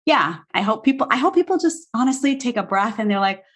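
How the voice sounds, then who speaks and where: Woman in her thirties chatting about her book, lively and rambly, lots of likes. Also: fairly high pitch. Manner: animated, talks fast with many likes and restarts. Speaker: author and guest. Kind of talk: casual interview chat. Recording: live video call.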